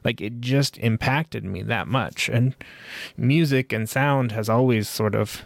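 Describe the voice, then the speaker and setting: Slow, gravelly-voiced man reflecting. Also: medium pitch, no room sound. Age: 40s. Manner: rambling, reflective, many fillers and restarts. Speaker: podcast host. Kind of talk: personal reflective monologue.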